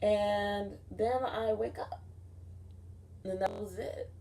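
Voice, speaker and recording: A woman's voice: mid-range voice, fairly even intonation, takes it slowly, warm tone. A young woman telling a dream story in a casual, rambling way, swearing often and saying "like" a lot. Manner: rambling, profane, frequent "like" fillers. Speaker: vlogger recounting a dream.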